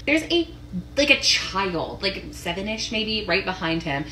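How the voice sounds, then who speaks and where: A woman telling an anecdote in a casual, animated way, acting out what people said. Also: mid-range voice, moderate pace. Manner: animated, acts out quotes. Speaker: caller telling a story. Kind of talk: casual storytelling. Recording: roomy, distant, noisy.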